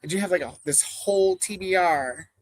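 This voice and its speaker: This livestream host talks at a normal speed in a mid-range voice, chatting casually with the audience. Rambling, frequent laughs and comments read aloud fill the clip, which has no echo.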